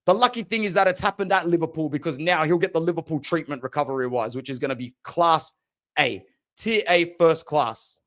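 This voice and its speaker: A man's voice: fairly high pitch, fairly quick, a bit bright. A young man hosting a football podcast, ranting passionately and opinionated in casual slang. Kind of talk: opinionated sports talk.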